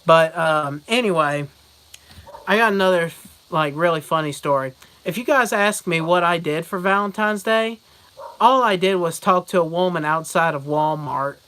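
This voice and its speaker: A young man talking straight to his viewers in a loose, rambling vlog, stacking one anecdote onto the next and laughing at his own jokes. His voice is bright and forward, and he keeps breaking into loud, mocking voices before dropping back to plain chat. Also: on the high side, moderate pace, clean tone, low-quality recording. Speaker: vlogger. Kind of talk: casual storytelling vlog.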